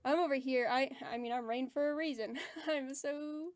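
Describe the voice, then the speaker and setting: A woman's voice: moderate pace, faint music behind. A woman chatting casually with her livestream chat, reading messages aloud and giggling often. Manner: self-described low-energy and introverted. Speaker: streamer chatting with live chat.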